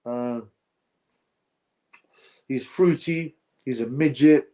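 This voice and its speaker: A man chatting on a live stream in a plain mid-pitched voice. He reads out viewer comments and gives blunt, opinionated takes in loose, rambling banter full of filler. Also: drawn-out words, dark tone. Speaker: live-stream boxing host. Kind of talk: casual live-stream chat, reading viewer comments aloud.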